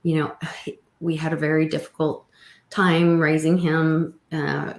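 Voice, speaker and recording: A woman host chatting casually and quickly about raising her kids. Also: low voice, flat delivery, vocal fry. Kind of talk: casual chat. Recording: roomy echo.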